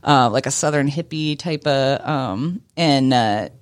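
A woman's voice: a bass voice, measured pace, no room sound. A woman, a business owner and actor, chatting as a guest in a radio studio, rambling and laughing with the odd swear word. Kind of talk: casual radio interview chat.

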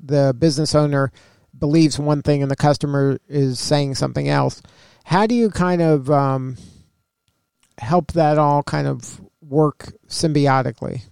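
Gravelly, smooth-toned male interviewer. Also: a little high, steady tone, measured pace, a little mellow, dry recording, studio quality. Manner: loose, hedging questions with fillers. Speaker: interview host. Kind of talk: casual interview questions.

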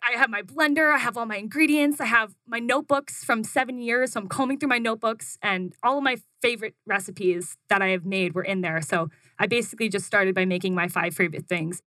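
Bright-voiced young woman telling a lively story. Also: a little fast, few pauses, no room sound. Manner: animated, acts out her own quotes in a higher voice, frequent "like". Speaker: guest, food business founder. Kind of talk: casual storytelling interview.

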